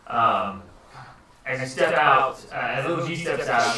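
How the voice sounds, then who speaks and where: A man narrating a tabletop game as game master, in an animated way. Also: medium pitch, unhurried. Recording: echoey room, far from mic.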